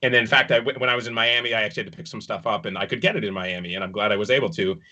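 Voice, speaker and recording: Male panelist, low voice, forceful, chatty storyteller, muffled call audio. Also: racing. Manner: rambling, with many fillers and restarts, chuckling at times. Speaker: video and projection designer on a dance production. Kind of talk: casual recounting in an online panel discussion.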